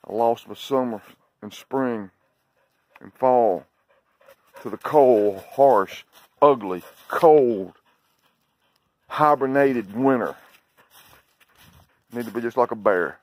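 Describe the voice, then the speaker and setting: A man's voice: mid-range voice, takes it slowly, pauses often, a little mellow, dry recording. A man with a Southern US accent, chatting casually and coaxing his dog during a game of fetch outdoors. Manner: drawling, talks to his dog in short coaxing calls. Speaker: dog owner vlogger. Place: outdoors on a sunny day.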